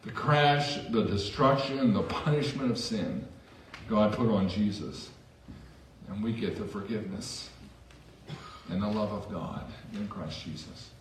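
Low-voiced pastor preaching in an echoey church. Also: male voice, a little slow, distant mic, slight background noise. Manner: conversational, self-deprecating asides. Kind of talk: sermon. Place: church sanctuary. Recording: echoey church hall from afar.

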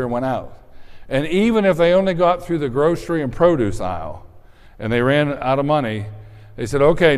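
A male pastor giving a sermon to his congregation, praying slowly and then telling stories casually with frequent restarts. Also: medium pitch, clear, resonant tone, long reverb tail. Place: church sanctuary with congregation.

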